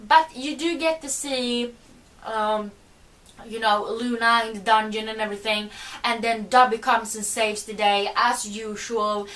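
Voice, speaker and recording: A woman with a bright, higher-pitched voice talks casually about a book she loves, rambling and gushing as she goes. She sits a little back from the mic, so her voice sounds slightly distant. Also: fairly even intonation, unhurried. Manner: rambling and gushing, lots of "like" and "you know". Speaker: book reviewer. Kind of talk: casual spoiler book talk.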